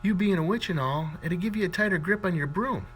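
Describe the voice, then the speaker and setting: A man's voice: high-pitched, brisk, a bit bright, a little hiss or hum, voice pushed up. A man voicing Little Johnny, a cheeky young schoolboy who delivers smug punchlines.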